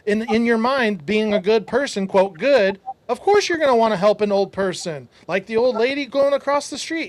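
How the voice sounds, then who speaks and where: Male podcast host, high register, emphatic storyteller, dry close sound. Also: expressive, brisk, hardly any pauses, no room sound. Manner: emphatic, preachy asides to listeners. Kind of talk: casual storytelling.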